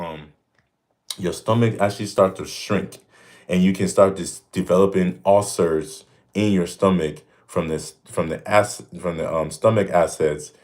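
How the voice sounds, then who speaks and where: Male host, 30s, very low voice, emphatic, repetitive and joking in casual livestream chat. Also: a little mellow. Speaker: fitness streamer answering viewer questions.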